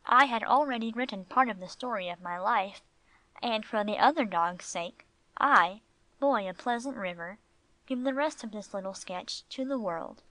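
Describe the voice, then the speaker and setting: A woman's voice: mid-range voice, normal speed, bright, forceful tone, no echo, poor audio. Woman narrating an audiobook.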